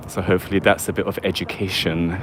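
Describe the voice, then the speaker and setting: A low-voiced livestreamer from London gives a casual walking tour outdoors in a waterside city park, faint traffic humming nearby. He's chatty and meandering, often checking in with "do you know what I mean."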